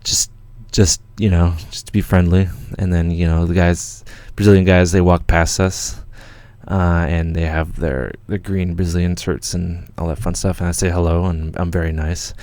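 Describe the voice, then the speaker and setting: A Canadian man hosting a livestream, telling a story in an excited, rambling way with lots of swearing and restarts. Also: sits low, moderate pace, no echo. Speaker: channel host.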